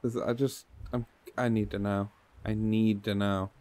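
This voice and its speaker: A man's voice: on the low side, flat delivery, a little slow, dark tone, no echo. A man streaming a game, giving live commentary, laughing often and talking to the character on screen and to his viewers.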